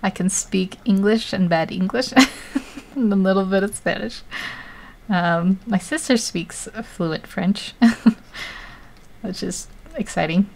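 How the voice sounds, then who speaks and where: A woman's voice: mid-range voice, slow, creaky, pauses often. An American woman streaming live as she draws, chatting casually, laughing often and poking fun at herself. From United States. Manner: giggly, laughs often, self-deprecating. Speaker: artist livestreaming. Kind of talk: casual chat while drawing.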